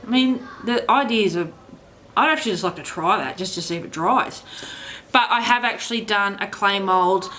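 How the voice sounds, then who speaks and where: A woman's voice: medium pitch, pushed and bright, slight background noise. An Australian woman, a doll artist, chatting casually to camera in a rambling, self-deprecating way.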